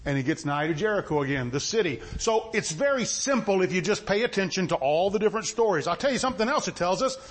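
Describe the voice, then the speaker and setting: A man's voice: sits high, lively intonation, quick pace, few pauses. A man preaching a sermon in a folksy style, asking his listeners questions again and again. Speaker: pastor.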